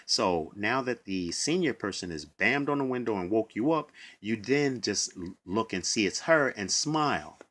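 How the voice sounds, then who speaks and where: A man's voice: lowish voice, animated, moderate pace, hardly any pauses, a bit bright. A man who works as a bus driver tells his own story of trouble at work, emotional and acting out what others said. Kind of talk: personal testimony to camera.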